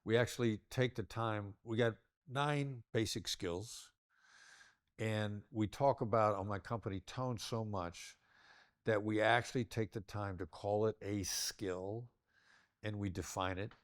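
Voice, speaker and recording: A man's voice: fairly low pitch, steady tone, unhurried, no room sound, clean studio sound. An older man, a negotiation expert giving an interview, who talks in a demonstrative way and shifts his tone to illustrate his points. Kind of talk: interview conversation.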